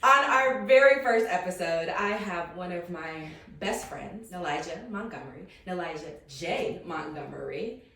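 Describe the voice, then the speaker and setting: A woman's voice: fairly low pitch, expressive, a little slow, fairly bright tone. Bubbly woman host in an echoey room. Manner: bubbly, laughs often, repeats words. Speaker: podcast host. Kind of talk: casual podcast chat. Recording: echoey room, distant from mic.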